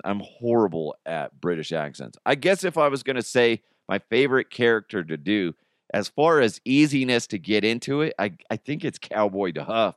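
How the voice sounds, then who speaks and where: A low-voiced man hosts a rambling podcast, his pitch swinging widely as he jokes and laughs. His voice sounds strained and worn. The recording is close and dry. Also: lively intonation, no echo. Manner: jokey, rambling, quick to laugh. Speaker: podcast host. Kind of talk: casual podcast monologue.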